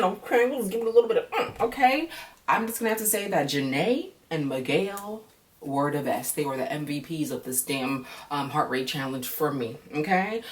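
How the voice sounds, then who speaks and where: Low-voiced sassy lady reviewing a reality show, kinda far from the mic. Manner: sassy, animated, keeps saying okay. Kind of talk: casual recap vlog.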